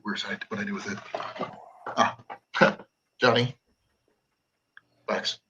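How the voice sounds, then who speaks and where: A man's voice: lowish voice, little pitch movement, takes it slowly, noisy background. A man hosting a casual livestream, brief and matter-of-fact in what he explains. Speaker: show host. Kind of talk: casual chat.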